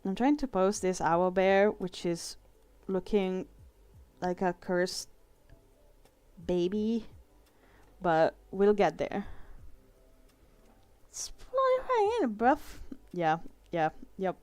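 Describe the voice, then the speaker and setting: A woman's voice: lowish voice, slow pace, a little mellow, smooth, no room sound. A young woman with an Italian accent, an illustrator chatting casually and self-mockingly while she draws on a stream, laughing often. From Italy. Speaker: illustrator live-streaming a drawing session. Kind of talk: casual chat while drawing.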